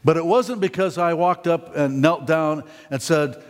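A man's voice: fairly high pitch, a little slow, hardly any pauses, long reverb tail. A man preaching a candid, folksy sermon testimony in church, often repeating words as he talks.

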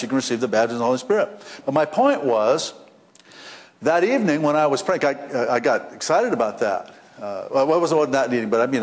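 A man preaching a sermon as the church's pastor, telling folksy stories with frequent restarts and repeated words. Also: fairly high pitch. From western United States. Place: church sanctuary. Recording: long reverb of a church sanctuary.

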